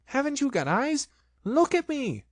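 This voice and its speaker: Squeaky little piglet voice way up high, anxious and huffy, storybook reading, dry sound. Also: male voice, very animated, unhurried, no echo, heavily acted. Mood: indignant. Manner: squeaky, spluttering, high-pitched. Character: tiny timid male piglet, anxious and indignant.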